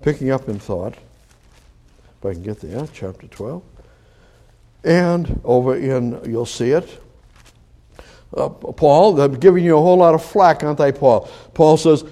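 A man delivers a conversational sermon in a mellow, relaxed voice that sits slightly high. He teaches in a halting cadence, restarting phrases and repeating key words. He pushes hard on emphatic lines and then drops to quiet asides. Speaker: preacher.

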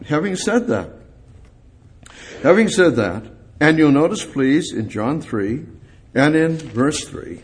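A man preaching a sermon, explaining Bible verses with emphatic repetition and rising, forceful peaks. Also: mid-range voice, husky.

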